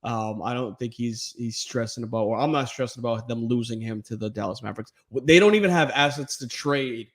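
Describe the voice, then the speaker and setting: A man's voice: medium pitch, brisk, few pauses. A man co-hosting a sports podcast, talking casually and animatedly with laughs and playful mock voices. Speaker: podcast co-host.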